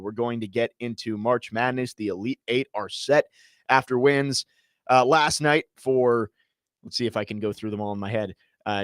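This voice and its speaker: Brisk male sports radio host. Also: mid-range voice, no room sound, studio quality. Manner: brisk, upbeat, with frequent fillers. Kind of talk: radio hosting and live read.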